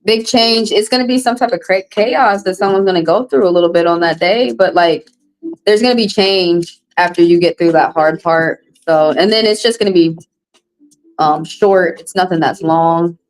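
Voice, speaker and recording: A woman with a Southern US accent reading tarot on a live stream, chatting casually in a profane, animated way. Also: on the low side, moderate pace, rough recording. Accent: Southern US, Texas. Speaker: tarot reader.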